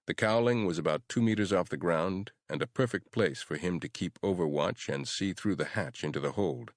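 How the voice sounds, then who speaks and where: A man narrating a horror audiobook in a measured, even storytelling manner. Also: sits low, gravelly, dry recording, studio quality.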